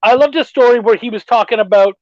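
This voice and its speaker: A middle-aged man hosting a podcast, telling stories in a profane, animated casual chat. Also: extremely high pitch, fast, no echo. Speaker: podcast host. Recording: dull dry lo-fi sound.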